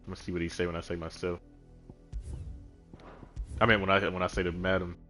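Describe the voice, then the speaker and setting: A man's voice: deep voice, level tone, fast talker, bright, forceful tone, faint music behind. A male streamer giving casual, slangy gameplay commentary, laughing often. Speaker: gaming streamer.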